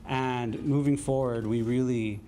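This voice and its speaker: A man speaking as an incoming co-executive director, giving earnest, measured remarks at an event. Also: mid-range voice, fairly even intonation, warm tone, a little hiss or hum.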